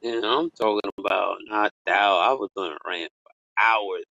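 A man co-hosting a casual chat podcast, rambling loosely and swearing, with sudden high exclaims. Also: normal speed, creaky, pushed and bright, no room sound. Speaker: podcast co-host. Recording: dull lo-fi sound.

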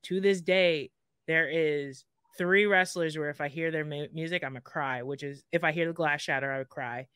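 A podcast guest telling rambling, emotional stories in casual chat. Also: male voice, fairly high pitch, fairly even intonation, normal speed, bright, forceful tone, smooth, dry recording, studio quality. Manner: emotional, rambling storyteller with many fillers.

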